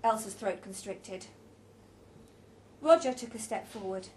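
A woman's voice: mid-range voice, measured pace, a little mellow, slight background noise. A woman reading a story aloud with a dramatic, varied delivery.

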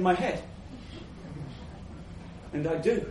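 A man reading a first-person story aloud to a live audience, unhurried, with acted asides. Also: a little high, expressive. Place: live event venue before an audience. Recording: echoey venue from a distant mic.

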